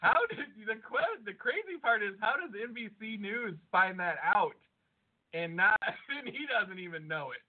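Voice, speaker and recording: A man with a high, animated voice co-hosts a podcast, excitable and quick to spin odd theories, with plenty of swearing. The sound is thin and phone-like. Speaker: podcast co-host. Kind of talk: casual chat.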